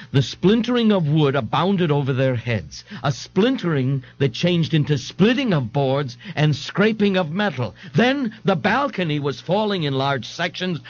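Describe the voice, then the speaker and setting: A man reads an audiobook with a theatrical, expressive delivery, his pitch rising and falling freely. The sound is dry and close, but dull and lo-fi like an old tape. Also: dry recording. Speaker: audiobook narrator. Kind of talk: scripted audiobook narration.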